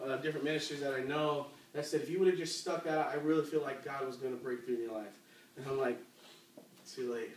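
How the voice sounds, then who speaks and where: A man's voice: a little high, far from the mic, slight background noise. A man preaching a conversational youth sermon, telling a story and asking the crowd questions, with many fillers. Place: church youth service, large room. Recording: echoey room, voice from off-mic.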